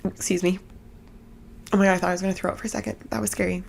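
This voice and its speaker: A woman's voice: on the low side, flat delivery, creaky, a little mellow. Giggly rambling woman from Canada. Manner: giggly, rambling, talks fast with lots of fillers. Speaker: podcast host. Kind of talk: casual chat. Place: home setup, seated cross-legged.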